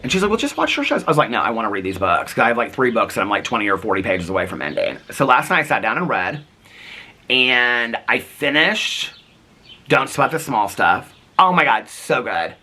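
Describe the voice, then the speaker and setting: Male vlogger, lively swooping delivery, chatty storyteller. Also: mid-range voice, brisk. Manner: chatty storyteller, acts out quotes, laughs often. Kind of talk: casual chat.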